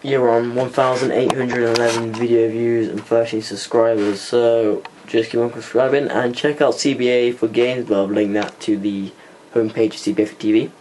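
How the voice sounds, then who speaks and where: A man's voice: mid-range voice, steady tone, moderate pace, a little mellow. A young man chatting casually in a home vlog while playing a computer game, rambling and muttering curses at the game. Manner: rambling, swears at the game, mutters under his breath. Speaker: vlogger. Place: indoors at a computer. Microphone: camera mic, held by hand. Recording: noisy home camera recording.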